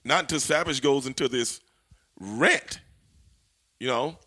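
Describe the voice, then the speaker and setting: A man, a former wrestler, telling stories as an interview guest in an animated, profane way, laughing as he goes. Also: medium pitch, a little slow. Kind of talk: storytelling in a shoot interview.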